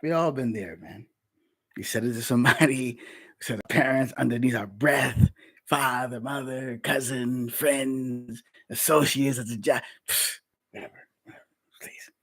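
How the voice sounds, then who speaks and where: Husky-voiced man teaching scripture. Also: medium pitch, measured pace, fairly bright tone. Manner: streetwise, conversational preaching, calls listeners man. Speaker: religious teacher.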